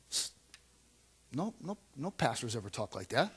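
A man, a pastor, preaching a sermon in a conversational way, repeating phrases and swinging from quiet asides to loud emphatic lines. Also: medium pitch, big pitch swings, normal speed, slightly rough.

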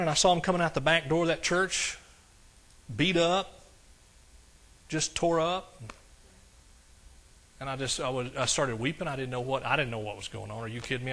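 A man preaches a testimony from the pulpit, sounding folksy one moment and fervent the next. His voice sits on the higher side for a man. Its tone is bright and forceful. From East Texas. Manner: folksy storytelling that builds to fervent exclamations. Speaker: pastor. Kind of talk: sermon testimony. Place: church service.

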